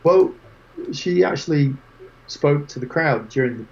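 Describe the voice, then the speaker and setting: A man as an interview guest, telling lively anecdotes with quoted voices in casual chat. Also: fairly high pitch, a little slow, highs cut off. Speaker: guest photographer.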